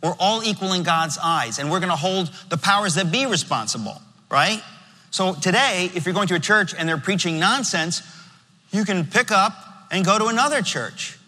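Male preacher, high and fervent, emphatic delivery, recorded in a reverberant church hall. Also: expressive, normal speed, sharp tone. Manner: fervent, emphatic, repeats phrases. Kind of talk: sermon and closing prayer.

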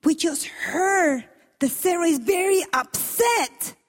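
High-voiced woman preaching in a reverberant hall. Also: takes it slowly. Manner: emphatic, animated, exclaiming and questioning the congregation. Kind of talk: sermon.

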